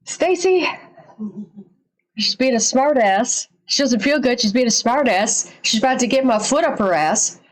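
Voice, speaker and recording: A woman's voice: on the high side, lively intonation, a little slow, low-quality recording. A woman streaming from home, chatting casually, swearing freely and tossing out sarcastic asides. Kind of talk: casual live-stream reaction. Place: home streaming setup with green screen.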